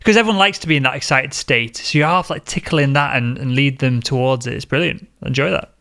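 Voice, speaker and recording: Young male podcast host, bright and forceful tone, enthusiastic interviewer. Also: medium pitch, quick pace. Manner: enthusiastic, asks long rambling questions.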